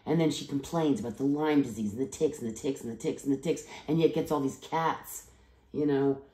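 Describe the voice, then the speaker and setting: A low-pitched, mellow-toned woman from the East Coast rambles through a personal vlog, tired after travel and full of asides. Her voice rings a little in an echoey room. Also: a little fast. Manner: rambling, digressive, frequent restarts and asides. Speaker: vlogger.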